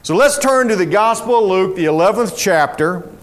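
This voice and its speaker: A man's voice: high voice, expressive, moderate pace. A man preaching a sermon in a folksy, storytelling way. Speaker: pastor.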